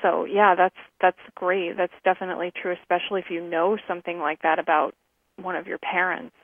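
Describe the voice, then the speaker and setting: A woman with a husky, slightly low voice co-hosts a casual talk show, often pausing and restarting her thoughts. The sound is dry and narrow, like a phone line. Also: level tone, no room sound. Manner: hesitant, many ums and restarts. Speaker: co-host.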